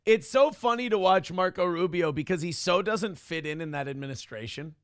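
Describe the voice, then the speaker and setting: A man's voice: high-pitched, expressive, a little fast, a bit bright, clear, resonant tone, no room sound. A man hosting a morning livestream show, chatting in a crude, sarcastic, rambling way from a small studio. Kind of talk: casual livestream chat.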